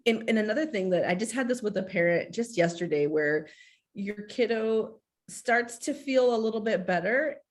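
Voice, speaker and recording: A woman in her forties speaks on a video call in a candid, heartfelt way, with her words full of filler likes. Her voice sits a little low for a woman. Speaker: school social worker. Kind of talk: casual video-call presentation.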